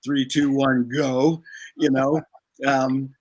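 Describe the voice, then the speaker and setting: A man's voice: mid-range voice, flat delivery, takes it slowly, no echo. A man appearing as a guest author over a video call, speaking graciously and reflectively. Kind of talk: casual interview chat.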